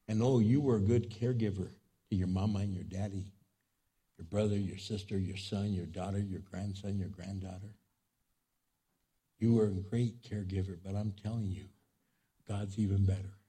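Husky warm-voiced preacher man at a memorial service, gets real fired up and repeats himself. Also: fairly even intonation, normal speed. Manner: impassioned preaching, swelling up high in pitch and volume; addresses the grieving congregation directly, repeats phrases. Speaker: pastor. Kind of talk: sermon at a remembrance service.

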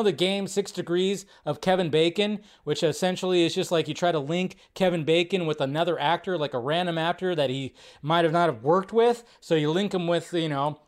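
A man hosting a live film commentary stream, talking in a rambling, animated way and jumping up in pitch to stress points.

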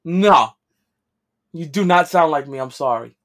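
A man's voice: on the high side, expressive, unhurried, a bit bright. A man with a heavy New York accent, chatting casually and telling stories with defensive, laughing asides. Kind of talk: casual chat.

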